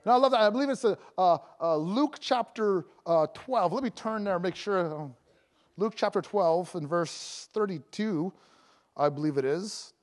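High-voiced joking male preacher. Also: animated, moderate pace. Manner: jokey and conversational, laughing between points; heavy fillers and restarts. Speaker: evangelist preacher. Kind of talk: sermon.

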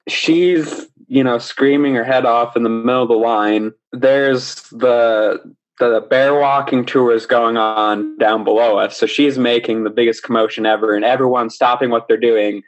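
A man's voice: medium pitch, moderate pace. Young man telling a story animatedly. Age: young adult. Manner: animated, laughing as he tells it. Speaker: podcast guest. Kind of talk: casual storytelling. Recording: slightly dull lo-fi recording.

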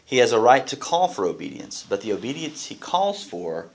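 A man's voice: mid-range voice, sing-song, moderate pace, slight background noise. A man, a pastor, teaching a Bible class in a conversational way and often asking the group questions.

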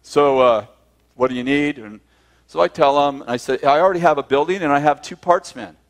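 A man with a voice a touch above the usual pitch tells a story to a group of listeners. He acts out every line of dialogue with lively, chuckling energy. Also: a little fast. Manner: acts out both sides of conversations, often laughing. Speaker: speaker telling a personal story.

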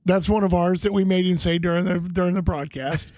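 A man telling a long anecdote in casual chat, animated and acting out the voices of people in the story. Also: sits high, fairly quick, no echo.

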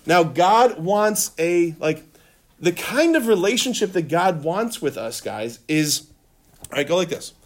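A man teaching a room of children, his voice lively and a little raised. He laughs easily, asks questions and leads the group in chanting phrases back. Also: sits high, measured pace. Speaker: religion teacher. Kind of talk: classroom teaching with call-and-response. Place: classroom.

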